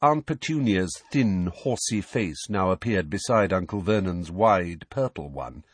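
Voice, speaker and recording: A man narrating an audiobook in an expressive, dramatic storytelling manner, close to the microphone. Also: sits low, a little slow, few pauses, slightly rough, no room sound.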